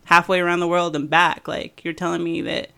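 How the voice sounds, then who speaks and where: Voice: mid-range voice, level tone, a little fast, creaky, bright, forceful tone, clear, resonant tone. A podcast co-host in casual conversation, giving wry reactions to a TV episode and acting them out in quotes. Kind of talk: casual TV recap chat.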